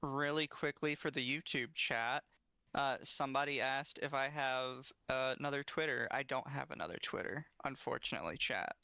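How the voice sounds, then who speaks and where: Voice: medium pitch, normal speed, vocal fry, pushed and bright, dry recording, studio quality. A podcast co-host giving reaction commentary, incredulous and sarcastically mimicking the people being discussed.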